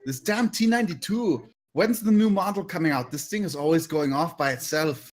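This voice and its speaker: A man's voice: a little high, normal speed, close to an everyday voice. A man voicing a grumbling male stormtrooper in a thick, silly put-on accent.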